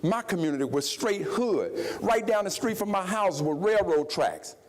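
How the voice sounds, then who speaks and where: A middle-aged man delivers a keynote in the manner of a preacher. His voice sits fairly high for a man, and he swings between ringing shouts and low, confiding asides. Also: animated, moderate pace. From Jackson, Mississippi, US. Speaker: keynote speaker. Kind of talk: impassioned keynote speech.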